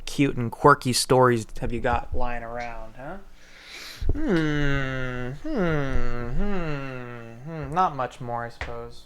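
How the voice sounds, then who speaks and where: Slow, rambling man talking to himself. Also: medium pitch. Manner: profane, meandering, talks to himself. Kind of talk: rambling solo monologue.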